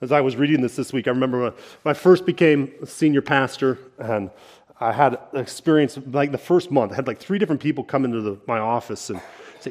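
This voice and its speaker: A middle-aged senior pastor preaching a sermon in a conversational way, often checking in with "right?" and building to emphatic points. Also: male voice, mid-range voice, lively intonation, fairly quick, a little mellow.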